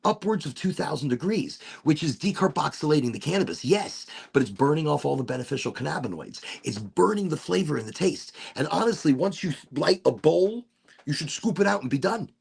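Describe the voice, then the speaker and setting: A man's voice: a little high, animated, brisk, vocal fry, husky. A middle-aged man casually demonstrating a vaporizer on a livestream, playful and prone to silly asides.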